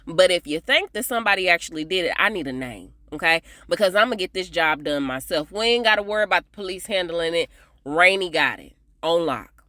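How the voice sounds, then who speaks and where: A woman's voice: lowish voice, expressive, fairly quick, sharp tone, dry recording, clean studio sound. A woman voicing a brash, self-assured woman who runs a kids' theater, talking emphatically. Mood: insistent. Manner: emphatic, streetwise talk.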